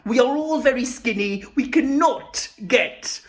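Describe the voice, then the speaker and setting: Man doing a talking fork, weary, apologetic, slow, defeated. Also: very high-pitched.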